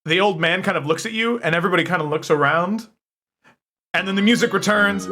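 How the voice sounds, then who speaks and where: A man narrating a tabletop game as game master, telling the scene with lively hesitations. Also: high voice, brisk, over music. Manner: lively storytelling with hesitant fillers.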